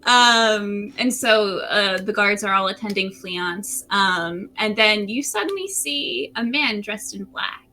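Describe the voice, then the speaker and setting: A woman narrating a tabletop game as game master, telling the scene in a relaxed way with frequent fillers, recorded at home. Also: medium pitch, slow pace, hardly any pauses. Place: room at home by a window.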